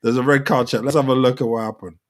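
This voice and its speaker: Excitable football fan reacting live. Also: male voice, medium pitch, fast talker. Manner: excitable, shouts at players on screen. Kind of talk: live match reaction commentary.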